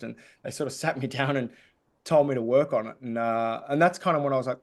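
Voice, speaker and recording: A man's voice: mid-range voice, fast talker. A man, a comedian guest on a podcast, telling stories in a chatty, jokey way. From Australia. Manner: chatty storytelling with jokey asides. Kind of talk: casual podcast interview.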